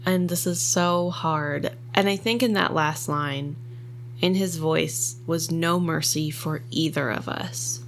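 Low-voiced woman chatting about a book. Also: slow, a little hiss or hum. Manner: chatty, filler-heavy, emotional. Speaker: podcast co-host. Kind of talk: casual book discussion.

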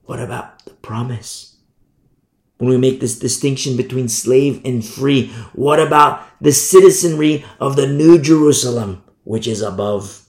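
An American man teaching through a Bible passage verse by verse, emphatic, asking rhetorical questions and drawing key words out slowly. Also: mid-range voice, darkish tone, echoey room. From United States.

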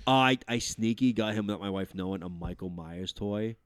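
A man's voice: lowish voice, brisk, clean tone, no room sound, studio quality. A man in his thirties hosting a podcast, telling rambling family stories with lots of fillers and swearing. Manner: animated storyteller, swearing, many fillers. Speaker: podcast host. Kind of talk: casual chat.

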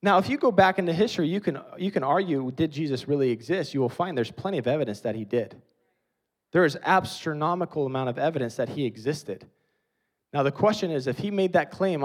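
Emphatic high-voiced male preacher. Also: animated, fairly quick. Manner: emphatic, rising to loud stresses and dropping low. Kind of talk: sermon.

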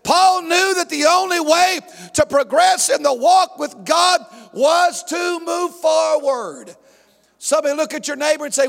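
A male pastor preaching an emphatic sermon, often shouting and calling on the congregation to respond. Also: very high voice, a little slow, vocal fry, big-room sound.

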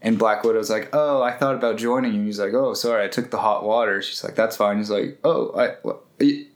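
A man's voice: lowish voice, steady tone, fast. A young man co-hosting a casual movie podcast who laughs a lot and retells scenes with animation. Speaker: podcast co-host. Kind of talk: casual movie recap chat.

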